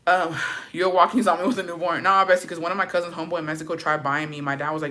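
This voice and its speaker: A young woman hosting a casual livestream, chatting loosely and reading out viewer comments in a loud, profane, animated way that drops now and then into hushed whispers. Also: on the low side, fast talker. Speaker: livestream host.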